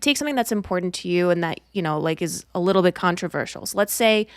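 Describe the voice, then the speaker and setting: A woman's voice: on the low side, animated, fast talker, dry recording, studio quality. A woman co-hosting a podcast, earnestly explaining a point with worked examples in casual chat. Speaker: podcast co-host.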